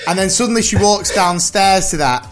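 A man's voice: high-pitched, normal speed, soft background music. A man, hosting a casual movie podcast in a playful, teasing way and laughing as he talks. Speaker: podcast host. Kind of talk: casual chat.

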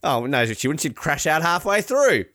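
A man's voice: fairly high pitch, very animated, moderate pace, pushed and bright, no echo, studio quality. A man hosting a podcast in casual comedic chat, rambling and joking with frequent laughter. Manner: rambling, jokey, laughs often, breaks into silly voices. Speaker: podcast host.

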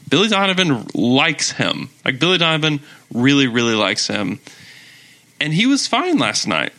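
A man's voice: mid-range voice, pushed and bright. A man in his thirties co-hosting a casual sports podcast, talking at length and laughing easily. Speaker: podcast co-host.

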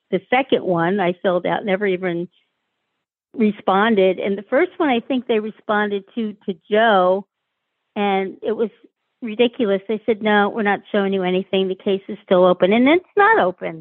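A woman's voice: mid-range voice, no room sound. Woman on a tinny phone line. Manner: candid, frank, speaks with many hesitations. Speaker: guest, sister of a murder victim. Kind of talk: personal interview.

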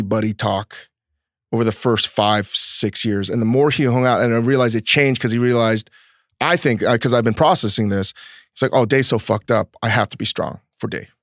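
A man hosting a podcast, speaking in a reflective, halting way and swearing often. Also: on the low side, no room sound, clean studio sound. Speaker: host. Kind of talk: reflective conversation.

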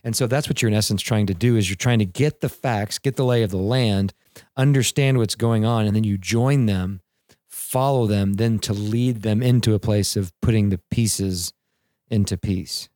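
A man in his thirties, podcast co-host and father, telling parenting stories in an animated way and acting out quotes. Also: on the low side, moderate pace, no echo, clean studio sound. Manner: animated storyteller, acts out quotes, laughs. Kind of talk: casual podcast conversation on parenting and mentoring.

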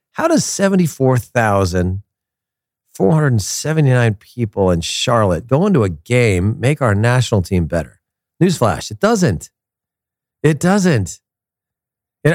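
A man hosting a casual soccer commentary show, opinionated and animated, repeating his points for emphasis. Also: mid-range voice, dry recording, studio quality. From United States.

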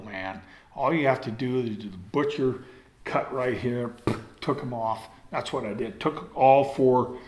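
An older man, a former hunting guide, telling a rambling personal story in a folksy way, often drifting off and circling back. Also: medium pitch. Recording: roomy echo.

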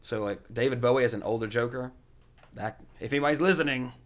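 A man in casual podcast chat who rambles enthusiastically, full of uhs and you-knows. His voice sits at an ordinary middle pitch. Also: quick pace. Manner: rambling, lots of fillers, enthusiastic. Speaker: podcast host.

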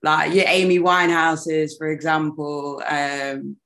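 A British woman in a casual interview chat as the guest, relaxed and loose, with frequent laughs and fillers. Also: low-pitched, takes it slowly. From United Kingdom. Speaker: guest singer.

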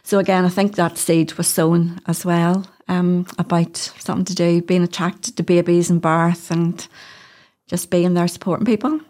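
Chatty Northern Irish woman, low voice. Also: level tone, moderate pace, dark tone. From Northern Ireland. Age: middle-aged. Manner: chatty storyteller, laughs often, uses "wee". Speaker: doula, podcast guest. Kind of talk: casual interview chat.

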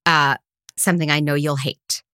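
A woman co-hosting a podcast in casual chat, animated and playful, quick to laugh. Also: deep voice, clean tone, dry recording, clean studio sound. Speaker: podcast co-host.

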